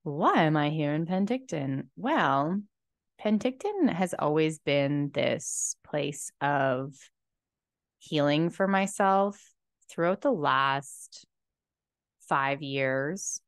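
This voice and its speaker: A young woman with a stuffy cold and low energy, talking to camera in a slow, reflective personal monologue with many fillers, seated indoors in a chair. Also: lively intonation, no room sound, clean studio sound. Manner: slow, slumped, soft-spoken musing with many fillers. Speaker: podcast host and tarot reader.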